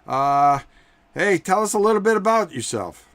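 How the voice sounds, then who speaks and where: A man hosting a live tabletop wrestling game, commentating in an excitable, rambling way with many fillers. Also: sits high, normal speed, no room sound.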